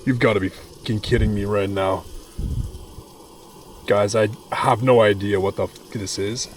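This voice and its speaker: A young man casually vlogging from a wilderness campsite, talking with loose slang and swearing, easily excited. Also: on the low side, a little slow, slight background noise. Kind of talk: casual camping vlog.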